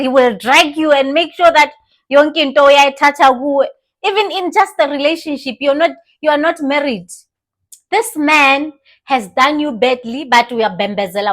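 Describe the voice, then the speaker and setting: A young woman with a South African accent giving animated, casual commentary, switching languages mid-sentence and laughing often. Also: sits high. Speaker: commentary vlogger.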